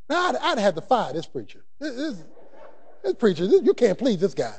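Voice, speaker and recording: A man preaching a sermon, animated and colloquial, breaking into shouts and playful asides. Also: very high-pitched, a little fast.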